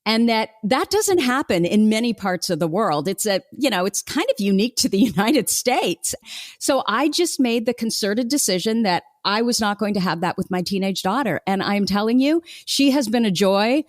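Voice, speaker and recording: Laughing often, a forties-aged woman hosts a relaxed podcast interview. She speaks at a normal speed in an animated, medium-pitched voice, captured with studio quality and no echo.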